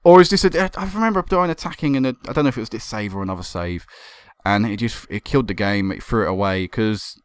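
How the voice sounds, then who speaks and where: A young man commentating on a football management game, excitable and swearing when it goes wrong. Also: fairly low pitch, fast talker, few pauses, smooth, dry recording. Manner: excitable, swearing and laughing at goals. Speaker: gaming commentator.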